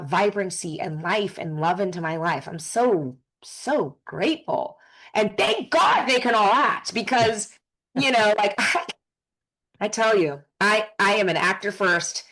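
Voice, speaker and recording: A woman actor answering interview questions in a casual, effusive way, with quick asides and jokes. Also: mid-range voice, fairly bright tone, low-quality recording. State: briefly emotional, close to tears.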